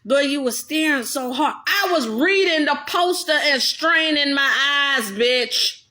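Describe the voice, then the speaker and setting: A woman's voice: sits high, lively intonation, a little slow, sharp tone. A woman vlogger in a blunt, profane, heated casual rant. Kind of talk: casual ranting monologue.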